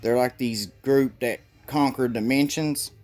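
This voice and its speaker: A man's voice: medium pitch, steady tone, unhurried, a little mellow, faint music behind. A man talking through a comic book review in an easygoing, rambling way. He stumbles over words and swears casually, with an ordinary mid-range voice.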